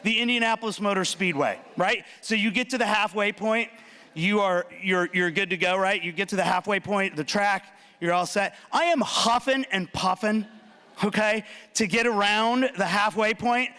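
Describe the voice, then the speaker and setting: A man performing a stand-up comedy routine, animated and punchy, talking straight to the audience with quick asides. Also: sits high. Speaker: student speaker. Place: large hall.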